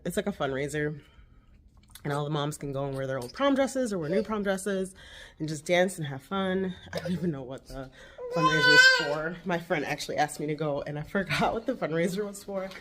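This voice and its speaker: A woman chatting casually at home as a vlogger and mother, animated and quick to laugh. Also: deep voice. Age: 40s. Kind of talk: casual chat.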